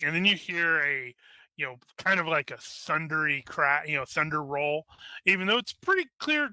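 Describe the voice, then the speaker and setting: A game master narrates a tabletop game in a loose, rambling way, full of fillers and restarts. His voice is very bright and smooth, somewhat high for a man, and sits close and dry on the mic. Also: lively intonation, normal speed, dry recording.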